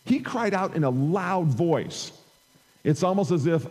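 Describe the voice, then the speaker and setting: A man's voice: a little high, animated, a little slow, a little mellow, big-room sound, rough recording. A man preaching a conversational sermon into an amplified microphone, reading scripture aloud and rising in emphasis. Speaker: pastor. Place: church sanctuary.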